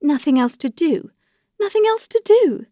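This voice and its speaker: A woman's voice: normal speed, a little mellow, no room sound, natural voice. An anguished noblewoman pleads in a storybook reading, as a woman narrator puts her on. Her begging lines push upward with distress and urgency. The sound is dry and close, with no room around it. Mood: pleading. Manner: pleading, rising to high distress.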